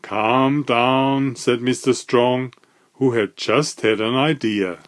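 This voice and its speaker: A man reading a children's picture book aloud, with slow, lively storytelling. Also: mid-range voice. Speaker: storybook reader.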